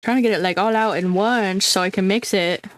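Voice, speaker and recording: A woman's voice: medium pitch, a little fast. A woman chatting casually through a crafting vlog, talking to viewers with dramatic, squeamish groans and frequent laughs. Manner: chatty, self-deprecating, laughs often. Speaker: craft vlogger.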